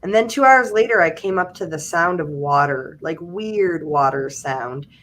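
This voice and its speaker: A woman's voice: fairly low pitch, moderate pace. Laughing woman telling family stories. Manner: animated storytelling, laughing often. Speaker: livestream host. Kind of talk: casual chat.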